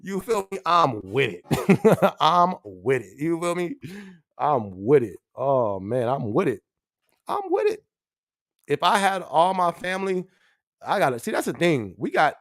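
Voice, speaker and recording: A man with a fairly high voice hosts a casual live-stream podcast, chatting in slang, laughing often, and repeating his phrases. The recording is dry and studio quality.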